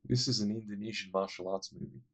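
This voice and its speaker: Brief: a low, husky-voiced man chatting casually about his favourite films. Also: fairly even intonation, fast talker. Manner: rambling, enthusiastic, many fillers. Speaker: movie reviewer. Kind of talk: casual movie recommendations.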